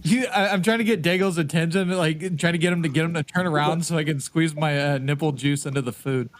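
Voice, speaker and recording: A man's voice: on the high side, fairly even intonation, fast talker. Hesitant man playing a tabletop game. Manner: hesitant, stumbling. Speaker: player. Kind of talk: casual tabletop play.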